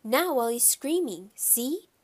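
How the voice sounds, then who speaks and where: A calm schoolboy from a children's story, offhand and matter-of-fact in a slow, fairly high voice, as a woman reader plays him. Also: full character voice.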